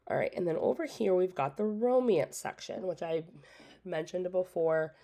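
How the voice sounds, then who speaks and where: A woman's voice: low-pitched, mellow. A woman hosting a casual catalog walkthrough, chatty and opinionated, talking around a cough drop in her mouth. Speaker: independent scent consultant and channel host.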